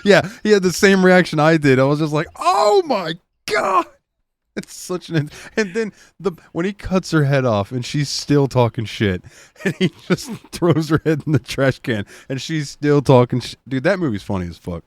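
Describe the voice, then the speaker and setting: Animated casual podcast man. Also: a little high, moderate pace, dry recording. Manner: animated, profane storytelling with laughs. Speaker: podcast co-host. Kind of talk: casual chat.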